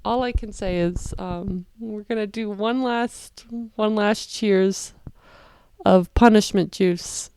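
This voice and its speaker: Woman reaction host, crisp voice, dry sound, talks through her feelings loosely. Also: medium pitch, slow pace, dry recording. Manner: expressive and swearing, rambling. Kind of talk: casual emotional reaction commentary.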